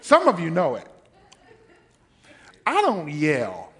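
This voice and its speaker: A man's voice: on the high side, huge pitch swings, slow pace, fairly bright tone. A male pastor preaching, telling a story with lots of animation, acting out the voices and laughing often. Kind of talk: sermon.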